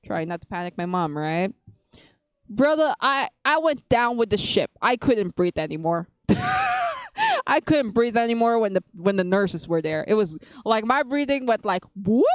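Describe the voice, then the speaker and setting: A woman's voice: mid-range voice, lively intonation, moderate pace, dry recording, clean studio sound. A woman streamer telling a storytime at home in a casual, rambling way, giggling often.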